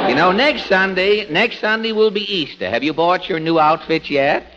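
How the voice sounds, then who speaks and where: A middle-aged man with a nasal twang, a radio comedian and master of ceremonies delivering dry, sharp wisecracks. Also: high voice, slow pace. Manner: dry sharp wit, wry asides. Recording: dull 1940s radio broadcast with faint noise.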